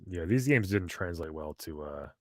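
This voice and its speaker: Podcast co-host, man, easygoing laugher, expressive delivery, dry mic. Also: sits low, normal speed, no echo. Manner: laid-back, laughs often, riffs with silly voices. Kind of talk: casual comedic chat.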